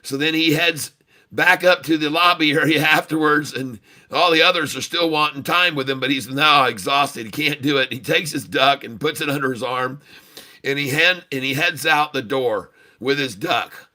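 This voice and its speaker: A man's voice: fairly high pitch, moderate pace, sharp tone. A man hosting a trading livestream and telling a bawdy joke in a folksy, chuckling way. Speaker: day-trading livestream host.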